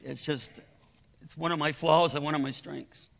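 A man's voice: on the high side, fairly even intonation, normal speed, vocal fry, fairly bright tone, big-room sound. An older man preaching a sermon in a conversational, persuasive way, telling his own story and restarting his words often.

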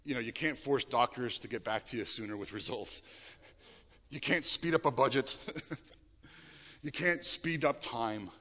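A middle-aged male pastor preaching a sermon, animated and emphatic, with frequent restarts. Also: mid-range voice, a little slow, pauses often. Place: church sanctuary. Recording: long reverb of a church hall.

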